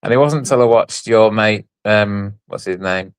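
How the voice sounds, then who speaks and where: A man's voice: on the low side, measured pace, clean tone, no room sound. A man in a casual livestream chat over a video call, joking and rambling, often restarting his sentences.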